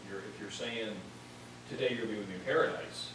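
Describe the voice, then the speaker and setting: A man joining in a Bible class discussion with quick remarks. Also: lowish voice, steady tone, recorded from a distance. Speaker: class participant. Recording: echoey room, off-mic, audience noise.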